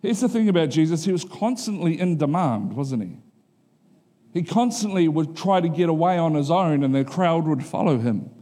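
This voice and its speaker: A middle-aged male pastor preaching a sermon in a casual, conversational way, often asking the congregation if they are following him. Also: moderate pace. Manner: acts out quotes in a higher animated voice.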